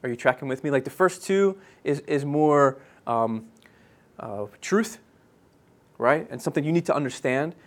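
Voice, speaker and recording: An earnest man in his thirties delivers a sermon as pastor, his voice at a middling pitch. He talks in halting bursts full of restarts and fillers. On key phrases he softens and slows right down.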